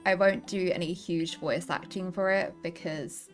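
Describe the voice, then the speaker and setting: A woman's voice: fairly low pitch, fairly even intonation, unhurried, faint music behind. A woman streaming a game, chatting casually and giggling, a bit out of breath. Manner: chatty, giggly, self-deprecating. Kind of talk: casual gameplay commentary. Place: home, seated.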